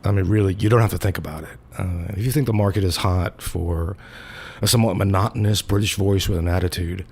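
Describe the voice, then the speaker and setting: A man's voice: sits low, fairly quick, gravelly, a little mellow, husky. An older man hosting a comedy podcast, chatting hesitantly and with self-deprecating humor. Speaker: host. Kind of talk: casual comedy banter.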